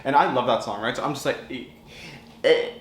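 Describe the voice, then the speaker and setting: A man's voice: medium pitch, rapid-fire, fairly bright tone, slight background noise. A young man telling a campy, chatty storytime vlog with lots of expression. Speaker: vlogger. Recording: echoey room with faint ambience.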